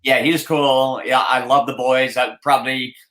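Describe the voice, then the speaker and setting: A man's voice: mid-range voice, flat delivery, moderate pace, a bit bright. A man hosting a casual podcast chat, rambling with lots of fillers and restarts. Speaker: podcast host. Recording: roomy echoey sound.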